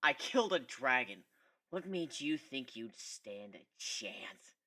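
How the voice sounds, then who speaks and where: A man's voice: medium pitch, big pitch swings, takes it slowly, sharp tone, full character voice. A man voicing a cocky, menacing male griffin fighter in a dramatic story reading. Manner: taunting.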